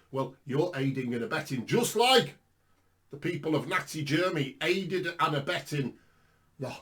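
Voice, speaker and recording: A British man preaching an impassioned sermon, swinging between hushed warnings and fervent shouts. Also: fairly high pitch. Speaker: street preacher.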